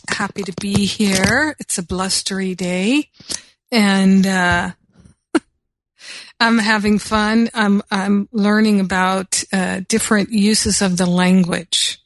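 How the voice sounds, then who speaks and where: A woman hosting a spiritual talk show, chatting casually with frequent laughs before leading a gentle prayer. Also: medium pitch, no room sound. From United States. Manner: unhurried, laughs often, fillers. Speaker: spiritual teacher and show host.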